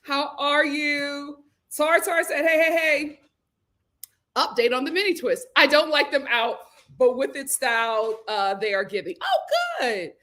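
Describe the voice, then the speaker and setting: A woman hosting a casual livestream from home on a computer mic, chatty and animated, laughing often as she reads viewer comments aloud. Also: high-pitched, measured pace. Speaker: livestream host.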